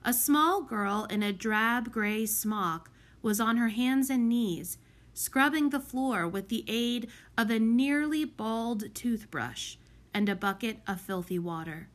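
A woman reading a children's novel aloud as an audiobook narrator, in an unhurried, clear storybook manner. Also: fairly high pitch, animated. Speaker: audiobook reader. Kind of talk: scripted narration.

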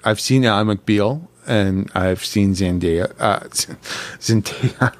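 A man co-hosting a casual chat, joking in an unhurried way. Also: lowish voice. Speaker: podcast co-host.

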